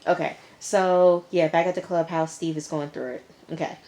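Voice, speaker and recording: A woman's voice: lowish voice, fairly even intonation, moderate pace, warm tone. A young woman casually recapping a TV episode, sassy and talking back to the characters. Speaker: TV episode reviewer.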